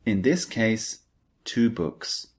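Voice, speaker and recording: A man's voice: on the low side, lively intonation, drawn-out words. A man teaching an English grammar lesson, who repeats key points and stresses the target words. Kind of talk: slow, deliberate grammar lecture.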